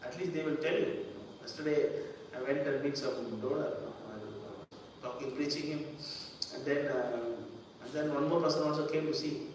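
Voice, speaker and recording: A man's voice: fairly high pitch, steady tone, moderate pace, darkish tone. Male preacher, talky sermon style, roomy distant sound with faint noise behind. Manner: conversational, repeats words, acts out quoted voices. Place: temple hall. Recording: echoey hall from far off.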